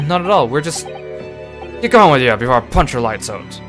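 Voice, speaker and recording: A man doing a loud, blustering prison governor. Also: mid-range voice, very animated, brisk. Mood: gruff hostile. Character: gruff hostile middle-aged male prison governor. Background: game music.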